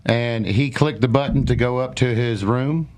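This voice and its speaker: A man's voice: mid-range voice, moderate pace, darkish tone. A man, a slap fighter, trash-talking in casual, profane podcast chat.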